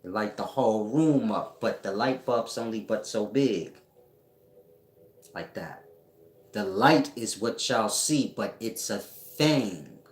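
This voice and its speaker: A man giving a casual spiritual teaching at home, talking slowly and often checking that listeners follow him. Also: on the low side, lively intonation. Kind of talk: casual esoteric teaching monologue. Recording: echoey room.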